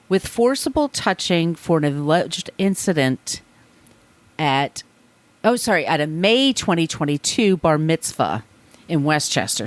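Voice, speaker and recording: A woman co-hosting a casual podcast, chatting and reading a statement aloud, with profane asides and quick apologies. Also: deep voice. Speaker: podcast co-host.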